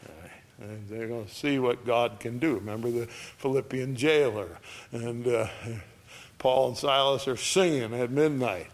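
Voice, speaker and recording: A man preaching a sermon in a slow, folksy way, repeating phrases and lifting his voice at high points. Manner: slow, folksy, repetitive preaching with sudden lifts in voice. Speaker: pastor.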